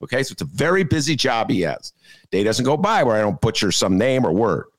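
A podcast host with a mid-range voice, big pitch swings, and a fairly quick pace rambles through comic chat. He's jokey and digressive, full of filler "uh"s, and laughs at his own jokes.

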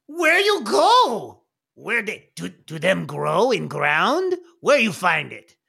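A man's voice: sits high, huge pitch swings, gravelly, bright, forceful tone, slightly rough, full character voice. A man voicing a curious little goblin who talks in broken grammar. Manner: halting broken speech.

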